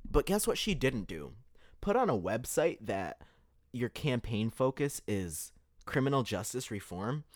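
With a mid-range voice captured in clean, echo-free studio quality, this podcast host argues his opinions forcefully. He keeps throwing out rhetorical "right?" questions throughout his monologue.

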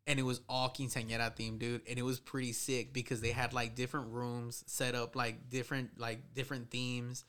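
A man's voice: mid-range voice, flat delivery, brisk, few pauses, a bit bright, smooth. A man with a Chicano English accent from Southern California, chatting casually and slipping Spanish into his English. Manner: laid-back slangy talk, mixing Spanish into English. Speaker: podcast guest. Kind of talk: casual chat.

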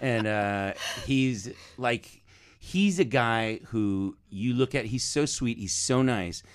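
A man in casual chat, telling stories with laughs and quick restarts. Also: medium pitch, clear, resonant tone. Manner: animated storyteller, laughs often, quick restarts.

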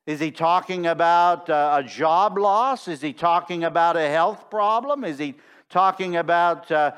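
A middle-aged man preaching a sermon in a church, emphatic and slowing down to stress key phrases. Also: on the high side, fairly bright tone, clean tone. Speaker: pastor. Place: church sanctuary.

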